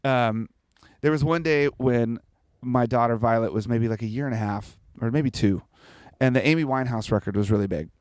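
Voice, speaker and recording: A man's voice: mid-range voice, moderate pace, darkish tone, no room sound. A man in his forties, telling stories in a casual interview with a lot of swearing and laughter. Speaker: guest musician.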